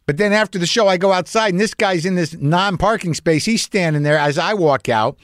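A man's voice: high-pitched, a little fast, a bit bright, no room sound, studio quality. A man, a comedian and podcast host, telling a long story in a rambling, profane, self-questioning monologue.

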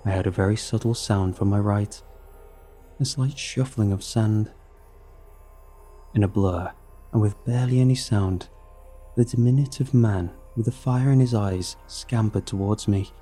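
A man narrates a horror story in a measured, grim way. His voice is low and dark-toned. Faint music runs beneath his words.

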